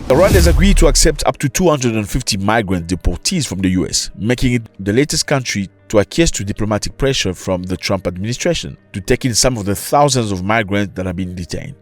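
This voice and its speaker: A man from Africa giving impassioned opinion commentary, firing off rhetorical questions to his viewers. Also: medium pitch.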